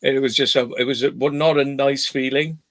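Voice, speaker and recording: A man in casual chat, telling a story haltingly with repeated words and laughter. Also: mid-range voice, fairly even intonation.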